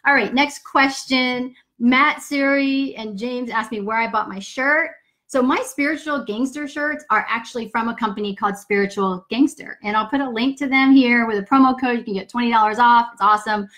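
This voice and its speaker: A woman's voice: a little high, normal speed, fairly bright tone. Upbeat woman chatting on a live stream. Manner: upbeat, chatty, greets viewers mid-sentence; casual swearing and folksy "y'all". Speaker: life coach answering viewer questions live. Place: home office with pets nearby. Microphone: computer or phone for a live stream.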